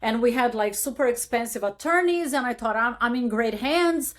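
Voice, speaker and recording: A woman's voice: fairly high pitch, expressive, normal speed. A woman hosting an interview podcast in casual chat, talking candidly and emphatically with the odd swear word. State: widowed. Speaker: podcast host.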